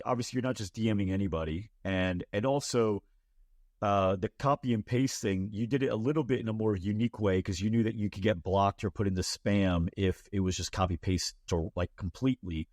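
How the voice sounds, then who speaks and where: A man hosting a casual interview, playful and quick to laugh. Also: fairly low pitch, a little mellow, no echo, clean studio sound. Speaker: podcast host.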